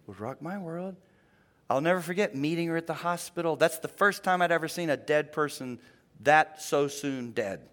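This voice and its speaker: A man's voice: fairly high pitch, a bit bright. A middle-aged male pastor giving a conversational sermon, telling stories and acting out the voices of people he quotes.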